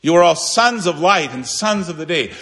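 A man preaching a sermon as a pastor, earnest and emphatic, swinging between raised declarations and quiet, low asides. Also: expressive, moderate pace. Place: church sanctuary. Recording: long reverb of a church hall.

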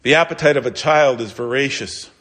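A man's voice: mid-range voice, fairly quick, fairly bright tone. A man preaching a sermon as pastor, emphatic, asking rhetorical questions and repeating phrases.

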